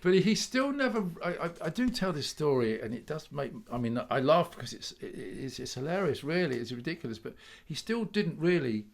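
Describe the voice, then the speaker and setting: A man's voice: fairly high pitch, big pitch swings, a little fast, creaky, hardly any pauses. A man in his sixties, a musician guest, telling stories in a chatty way with frequent restarts and laughs. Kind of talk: casual storytelling chat.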